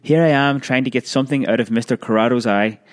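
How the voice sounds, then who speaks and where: A man voicing a stern, furious school matron who shrieks shrill commands down a corridor. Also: fast, lightly acted. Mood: scolding. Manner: shrill and commanding when enraged.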